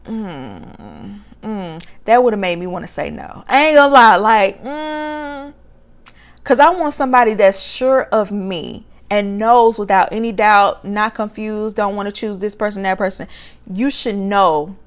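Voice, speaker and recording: A woman recaps a reality show casually at a moderate pace, offering her opinions with sass and expression. When she exclaims, her pitch leaps up high.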